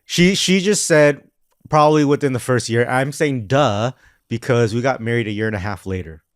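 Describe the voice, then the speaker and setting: Relaxed man chatting on a podcast. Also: medium pitch, normal speed, no echo, clean studio sound. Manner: relaxed, rambling with restarts. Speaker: podcast co-host. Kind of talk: casual chat.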